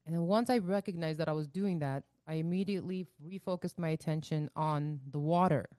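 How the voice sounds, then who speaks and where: Low, mellow-voiced woman co-host. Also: a little fast, dry recording. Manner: thoughtful, explains with many "like" fillers. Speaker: podcast co-host. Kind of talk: casual chat.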